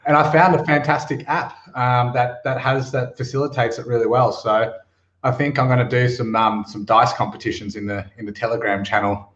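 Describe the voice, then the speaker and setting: A man chatting casually on a live stream, relaxed and enthusiastic with lots of ums. His mid-pitched voice comes through roomy and echoey, and the audio sounds dull and muffled. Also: a little fast. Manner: relaxed, enthusiastic, full of fillers. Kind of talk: casual chat.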